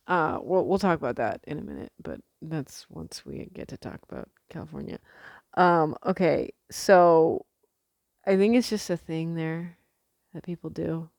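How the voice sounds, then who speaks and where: A young woman from the United States rambles through a casual vlog, with lots of fillers and offhand swearing. Her voice sits low and has a gravelly edge. The sound is dry and close. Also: animated, unhurried, darkish tone, no echo. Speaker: vlogger.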